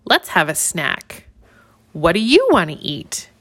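A woman's voice: fairly low pitch, big pitch swings, takes it slowly, a bit bright, exaggerated voice. A woman voicing a bold young girl in a children's story, with a raised, eager voice. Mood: friendly. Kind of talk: children's story read-aloud.

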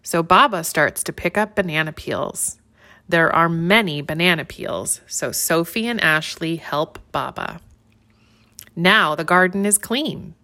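Woman reading a kids story, slow n sing-songy, bright voice. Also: on the low side. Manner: slow, expressive, sing-song. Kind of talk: children's story read-aloud.

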